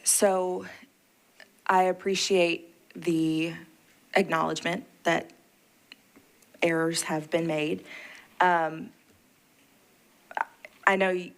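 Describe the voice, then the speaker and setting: A woman's voice: low-pitched, creaky, fairly bright tone. A woman board member at a public hearing, asking probing but polite questions. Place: public meeting room.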